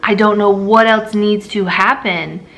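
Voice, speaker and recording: Tired mother venting to her viewers, with a gravelly, fry-heavy voice at a middle pitch. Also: steady tone, unhurried, a bit bright. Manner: weary, drained venting. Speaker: mother vlogger. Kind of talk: candid personal vlog.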